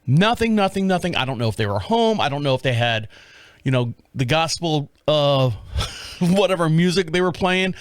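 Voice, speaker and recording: A man in his fifties hosting his own show, telling a rambling story from his rural life with lots of swearing, acting out his own shouting in a high, loud voice. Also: moderate pace, clean tone, no echo, clean studio sound. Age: 50s. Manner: profane, animated storyteller who acts out his own yelling. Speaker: podcast host. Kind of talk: casual solo storytelling.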